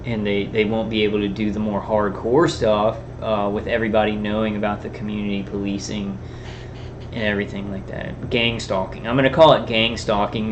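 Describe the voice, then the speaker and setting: A man's voice: lowish voice, noisy background. Rambling man on a dull recording. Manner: halting, many restarts and fillers. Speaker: vlogger. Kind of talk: rambling personal monologue. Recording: dull lo-fi sound.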